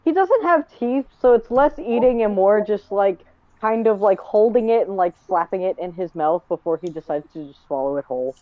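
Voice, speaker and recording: A woman's voice: medium pitch, lively intonation, dry recording. Woman player on a dull, dry mic. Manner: descriptive, drawn-out narration of her character's actions. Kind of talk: casual tabletop play.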